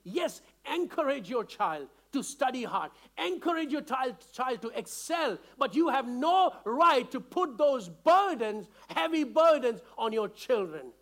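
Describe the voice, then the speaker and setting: An impassioned male pastor from India preaches to his congregation in a very high voice. He speaks earnestly, repeating and restarting phrases as he presses his point, sounding openly emotional. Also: sing-song, measured pace, few pauses. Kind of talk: sermon.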